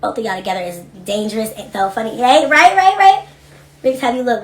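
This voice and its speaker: A young adult woman hosting a casual livestream from her home office, reading comments and talking in a blunt, profane, animated way. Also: fairly high pitch, fairly quick, roomy sound. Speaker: livestream host.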